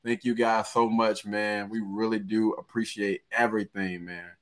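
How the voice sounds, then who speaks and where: A man hosting a casual podcast, laid-back and quick to laugh as he wraps up the show. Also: on the low side, little pitch movement. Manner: laid-back, laughs often, drawn-out sign-off. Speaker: podcast host.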